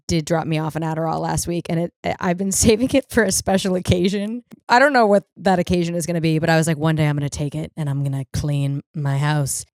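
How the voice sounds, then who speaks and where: A young woman hosts a podcast, delivering a casual comedic monologue full of rambling, profane, animated stories. Her voice is medium in pitch, and the recording is dry with clean studio sound.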